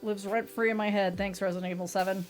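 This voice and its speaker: Woman streamer at mid pitch, reads game text quietly then chats, faint music under. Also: fairly even intonation, fast talker. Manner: reads journal entries in a subdued voice, turns bright and chatty with viewers. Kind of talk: reading a visual novel aloud and chatting with a live stream.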